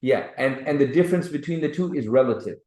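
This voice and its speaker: A man's voice: mid-range voice, fast, mellow. Patient male teacher in an echoey room. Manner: patient, checks understanding with "right?" and "clear?". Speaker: Arabic teacher. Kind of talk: classroom grammar lesson. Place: classroom.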